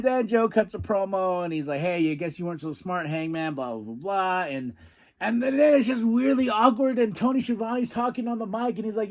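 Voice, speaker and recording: A man hosting a podcast, giving an excited casual recap, animated and swearing, with bursts of yelling when thrilled. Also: high voice, fairly quick. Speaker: podcast host recapping wrestling.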